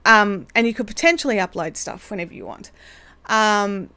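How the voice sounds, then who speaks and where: A woman's voice: medium pitch, animated, normal speed, pushed and bright, clear, resonant tone. An Australian woman hosting a casual craft livestream, chatty and bubbly, rambling with lots of fillers. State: hiccups. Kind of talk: casual live chat.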